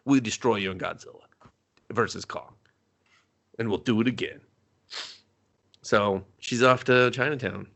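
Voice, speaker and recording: A man's voice: fairly low pitch, expressive, vocal fry, pushed and bright. A man co-hosting a movie review podcast, recapping a film with mocking sarcasm and constant swearing. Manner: mocking, swears often, acts out characters in quick voices.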